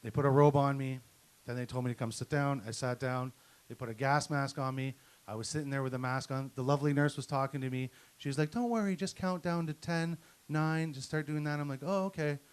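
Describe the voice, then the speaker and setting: A man's voice: medium pitch, steady tone, a little fast, clean tone. A middle-aged man from Canada doing a crude, profane stand-up set, ranting through his stories at a comedy night. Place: comedy night at a venue with an audience.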